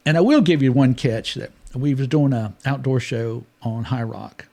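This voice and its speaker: A man's voice: normal speed, gravelly. An older man, a guest telling fishing stories in a casual studio chat, acting out voices with big jumps. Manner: animated storyteller, acts out quoted voices with big pitch jumps.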